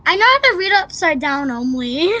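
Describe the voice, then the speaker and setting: A woman's voice: sits high, animated, normal speed, sharp tone, a little hiss or hum. A woman hosting a casual group chat, giggly and rambling. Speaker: host.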